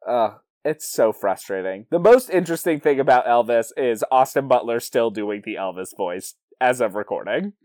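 A man co-hosting a film podcast who critiques bluntly and sounds fed up at times. His pitch moves widely, and the recording is dry and close. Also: lively intonation, normal speed, few pauses, a little mellow, no room sound. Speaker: podcast co-host. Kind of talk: casual film review chat.

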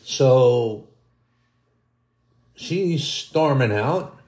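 Male preacher, folksy and rambling storyteller, mid pitch, recorded with room echo. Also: expressive, extremely slow, darkish tone. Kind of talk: storytelling sermon.

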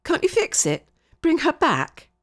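A woman voicing an anxious young girl who is quick to suspect a trick and pleads when upset. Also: mid-range voice, big pitch swings. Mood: pleading.

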